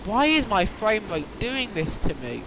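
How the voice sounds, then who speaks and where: A man chatting excitably while playing a train simulator, often stumbling over his words. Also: high voice, a little slow, vocal fry. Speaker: game player. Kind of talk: casual gameplay chat. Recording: faint background noise.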